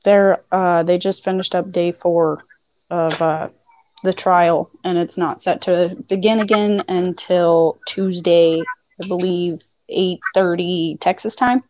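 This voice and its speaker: A woman with a somewhat low voice tells a story hesitantly in a voice chat, pausing on fillers. The sound is dull and dry from a plain mic. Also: steady tone, darkish tone, no echo. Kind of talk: casual voice chat.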